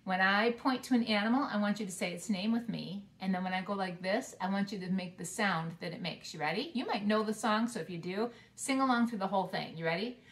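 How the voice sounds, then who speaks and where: A woman preschool teacher leading a video lesson, speaking slowly and clearly to small children. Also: mid-range voice.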